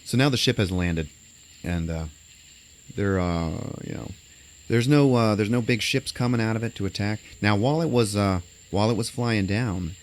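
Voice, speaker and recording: Man, lowish voice, loose podcast recap host, rambling, tosses in voices for scenes. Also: moderate pace. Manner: rambling, many fillers, acts out quotes. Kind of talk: casual movie recap chat.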